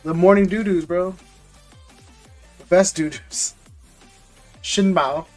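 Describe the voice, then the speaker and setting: A man's voice: high voice, takes it slowly, soft background music. A man hosting a live stream, chatting casually and jokingly with viewers in loose slang, often repeating words as he goes. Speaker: live-stream host opening trading card packs.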